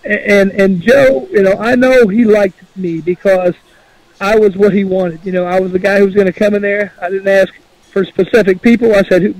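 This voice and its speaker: A man's voice: high voice, fairly even intonation, moderate pace, a little mellow, dry recording, poor audio. A man from Indiana who is a retired fighter, answering questions on a radio show in a plain-spoken, rambling way. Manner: plain-spoken, rambling, quotes others in his own voice. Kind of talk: casual radio interview.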